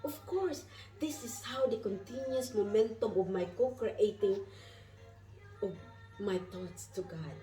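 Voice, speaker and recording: A woman's voice: mid-range voice, unhurried, mellow, echoey room, recorded from a distance, faint music behind, poor audio. A woman vlogging from inside a moving car, effusive and spiritual, often asking her viewers "isn't that wonderful". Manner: effusive, repeats questions to viewers. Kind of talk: spiritual travel vlog.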